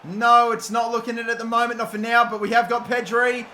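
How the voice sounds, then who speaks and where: High, bright-voiced Australian gamer shouting. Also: male voice, little pitch movement, fairly quick, echoey room, slight background noise. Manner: swings from muttering to screaming, swears a lot. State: voice cracking from shouting. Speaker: gaming YouTuber. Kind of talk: live gameplay commentary.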